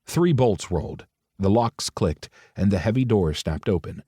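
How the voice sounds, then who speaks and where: A man's voice: on the low side, animated, measured pace, mellow, slightly rough, no echo, studio quality. A man narrating a romance audiobook, switching into different voices for the characters' dialogue.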